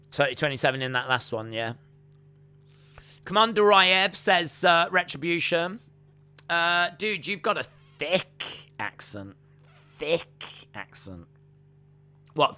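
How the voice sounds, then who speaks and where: A live-stream host with a bright, forceful voice on the high side calls a fight play-by-play during a watch-along. He also chats with viewers and reads their comments out loud.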